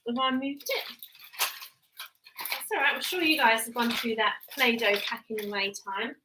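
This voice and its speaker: A woman live-streaming from home, chatting in a rambling way and slipping into a soft mum voice while tidying toys. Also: on the high side, normal speed, background noise. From United Kingdom. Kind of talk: casual live-stream chat. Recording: loud clatter of toys and dishes.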